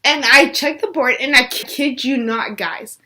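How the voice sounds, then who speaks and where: A woman's voice: high voice, a little slow, sharp tone. A young woman vlogger telling a personal story in a casual chat, saying "like" a lot. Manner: chatty, says "like" a lot.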